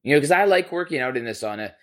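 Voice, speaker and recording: A male podcast host tells a story in casual chat, animated and profane, swinging between loud bursts and quiet asides. His medium-pitched voice races along.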